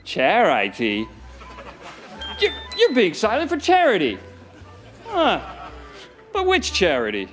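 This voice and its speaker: An actor playing a bumbling, easily confused police detective in a sitcom, over the top. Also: male voice, very high-pitched, huge pitch swings, measured pace, pauses often, a bit bright, faint music behind, exaggerated voice. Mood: guessing charades. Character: bumbling London police detective, middle-aged man. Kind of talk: scripted sitcom acting.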